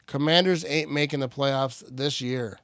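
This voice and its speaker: A man hosting a live game watch party, switching between excited play-by-play calls and relaxed chat. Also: mid-range voice, measured pace, clear, resonant tone, no echo, studio quality. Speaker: livestream watch party host.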